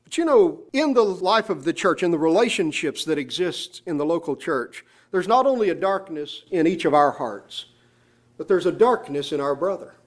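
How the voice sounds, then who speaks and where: A man preaching a sermon in church, emphatic, drawing out key phrases slowly. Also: a little high, animated. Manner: emphatic, slows down on scripture phrases.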